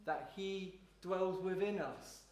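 A man leading a congregation through a slow, prayerful devotional teaching in a church room, with repetitive phrasing. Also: high voice. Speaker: pastor leading a service. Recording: roomy echo, faint noise.

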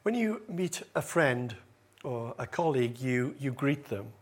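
This sermon comes from a man with a mid-range voice and a sing-song, measured delivery. He speaks earnestly at a church service, growing louder on important phrases while adding gentle asides and pausing slightly here and there.

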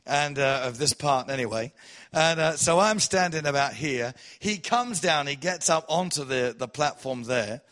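Male preacher, sermon testimony, dramatic swings between loud and soft. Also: fairly high pitch, moderate pace. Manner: animated storytelling, swells loud then drops soft.

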